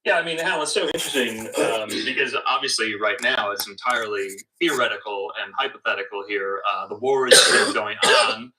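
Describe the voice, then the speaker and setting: A man anchoring a TV news discussion, measured and hesitant with fillers. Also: on the low side, recorded from a distance, background noise.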